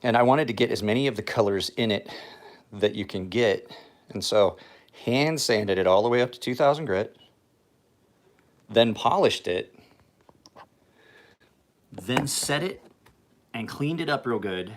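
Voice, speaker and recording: A man's voice: mid-range voice, animated, a little slow, long pauses. A man who sharpens and refinishes knives, chatting casually and profanely with viewers on a livestream. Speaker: knife sharpener.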